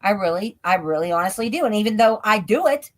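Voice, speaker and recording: Chatty woman on a stream call, says "like" a lot, laughs while telling stories, middle-pitched voice. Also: lively intonation, fast talker. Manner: chatty, leans on filler "like". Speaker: guest, ghost tour guide. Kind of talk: casual storytelling in an interview. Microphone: remote live stream call.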